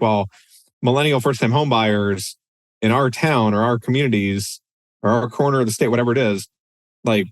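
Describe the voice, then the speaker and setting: Male podcast co-host, low voice, chatty and loose, dry close-miked sound. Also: no echo. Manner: conversational, many restarts and "you know"s. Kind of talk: casual podcast discussion.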